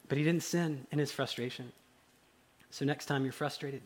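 A man preaching a conversational sermon, dropping to quiet low asides and rising into loud, excited acted quotes. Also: moderate pace. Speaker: pastor.

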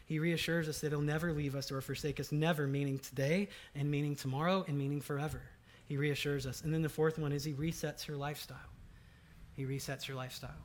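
A man delivering a sermon from the pulpit in a fairly high voice. He talks conversationally, with asides and fillers. He rises to loud, emphatic lines and drops to quiet, low ones. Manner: dynamic, swings from loud emphatic to soft and low. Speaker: pastor.

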